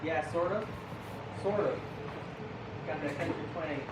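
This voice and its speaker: A young man from Idaho cooks dinner live and talks to his chat in a loose, rambling way, with plenty of fillers. His voice sits a little high. The kitchen sounds echoey, and a loud air conditioner hums behind him. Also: measured pace. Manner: chatty and rambling, lots of "like" and fillers. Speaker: cooking livestreamer. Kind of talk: casual live-stream chat while cooking. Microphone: camera mic, moving near and far. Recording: echoey kitchen with appliance noise.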